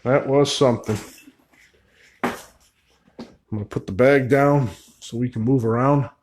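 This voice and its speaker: A man investigating an old store at night, narrating to camera and calling out to spirits, swinging from loud calls to hushed asides. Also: mid-range voice, fairly even intonation, unhurried, slight background noise. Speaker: paranormal investigator. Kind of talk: solo ghost-hunting vlog narration.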